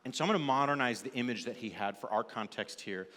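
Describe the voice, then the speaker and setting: A man's voice: mid-range voice, fast talker, fairly bright tone, long reverb tail. A man preaching a sermon as lead pastor in a church sanctuary, telling stories and acting out the people in them. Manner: storytelling, acting out characters in an illustration.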